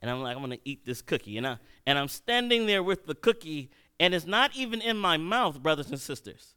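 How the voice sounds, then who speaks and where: A man preaching a sermon, telling a personal story and swinging between loud and hushed delivery. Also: fairly high pitch, very animated, brisk, clean tone.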